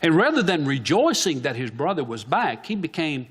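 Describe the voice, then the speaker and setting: A man's voice: a little high, very animated, moderate pace, a bit bright, breathy edge. A man preaching a sermon in church, asking the congregation questions and answering them himself.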